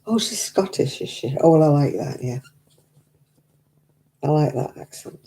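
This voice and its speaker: A woman's voice: low-pitched, expressive, moderate pace, warm tone. A woman, chatting casually while knitting on a live stream from her living room, rambling and laughing often as she reads viewer comments into a desk mic. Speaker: craft live-stream host. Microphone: desk microphone.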